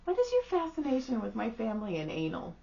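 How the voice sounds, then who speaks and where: A woman's voice: fairly high pitch, wildly swooping pitch, quick pace, gravelly, mellow. A woman in her thirties, co-hosting a casual podcast, joking bluntly and swearing freely. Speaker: podcast co-host. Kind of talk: casual chat. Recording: dull lo-fi podcast audio.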